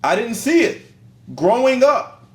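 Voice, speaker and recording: A man's voice: extremely high pitch, a little slow. A middle-aged man co-hosting a podcast, telling stories in a casual, slangy and emphatic way. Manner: animated storyteller, slangy and emphatic. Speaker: podcast co-host. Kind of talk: casual conversation. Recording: roomy echo.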